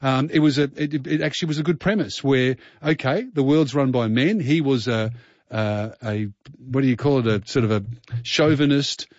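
A man's voice: medium pitch, moderate pace, darkish tone, no echo. Male radio host, rambling and chatty, dry slightly dull sound. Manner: rambling, chatty, thinking aloud. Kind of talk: casual radio chat.

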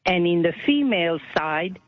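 A man's voice: high voice, lively intonation, normal speed. A man from Mauritius, calling in to a radio show and politely explaining something. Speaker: caller. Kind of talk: phone-in call. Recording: dull phone-in audio.

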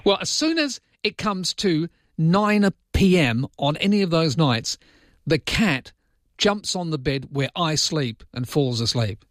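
A man's voice: a little high, animated, a little slow, dry recording, clean studio sound. Self-mocking chatty male radio host. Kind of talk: casual radio chat. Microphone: studio mic.

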